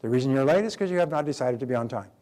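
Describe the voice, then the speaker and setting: A man's voice: medium pitch, lively intonation, rapid-fire, a little mellow. Emphatic male motivational speaker. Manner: emphatic, repeats key phrases, acts out quoted dialogue. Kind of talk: motivational talk.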